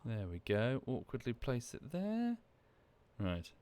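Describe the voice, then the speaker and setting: A man's voice: medium pitch, wildly swooping pitch, takes it slowly, warm tone, clean tone. Man musing aloud on a game stream. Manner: thinks aloud, muttering asides and self-corrections. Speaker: gaming streamer. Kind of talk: casual live-stream commentary.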